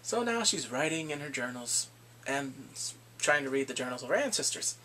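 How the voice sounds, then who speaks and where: A man giving a casual recap of drama episodes. He talks in an animated way, acts out the characters and laughs often. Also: medium pitch, moderate pace, slight background noise. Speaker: drama reviewer.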